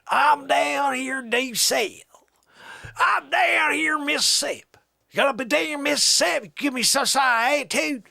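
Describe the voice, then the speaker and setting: A man voicing a loud, rowdy Southern country man with a put-on Southern accent. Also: extremely high pitch, moderate pace, vocal fry, dry recording, clean studio sound, voice pushed up, heavily acted.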